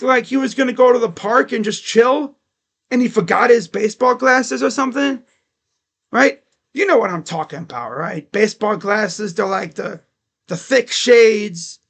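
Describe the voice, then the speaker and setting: Brief: fed-up male sports vlogger, high pitch, slow deliberate delivery, mocking and profane. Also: creaky, fairly bright tone. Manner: exasperated, mocking, swears. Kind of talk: casual sports rant.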